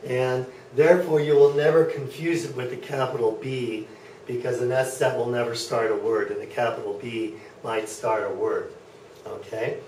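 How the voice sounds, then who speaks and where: A man lectures slowly and patiently to a classroom, pausing often to check that his students follow along. He is caught by a camera at the back of the room, his voice distant and ringing off the walls, with a faint hum of room noise underneath. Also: mid-range voice, mellow. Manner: patient, checks in with frequent okays. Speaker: German teacher. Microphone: far camera. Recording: echoey classroom from far off.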